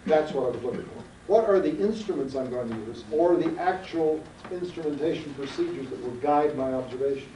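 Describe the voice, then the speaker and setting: A man lectures a seminar in a folksy, emphatic way and keeps firing questions at the class. His voice sits a little high but sounds mellow and soft-edged. He is caught from well back in an echoing classroom on an old archival tape. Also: fairly quick, hardly any pauses, recorded from a distance, a little hiss or hum. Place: lecture room.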